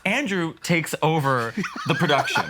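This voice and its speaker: A man, a comedian guest, telling animated stories in a casual studio chat and mimicking the people in them. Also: fairly high pitch, measured pace, very noisy. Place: podcast studio.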